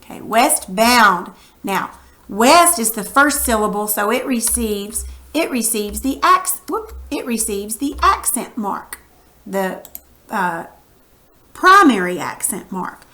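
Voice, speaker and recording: A woman teacher patiently coaches students through a recorded reading lesson, talking casually and narrating as she writes on screen. Her voice is a little high, bright and forceful.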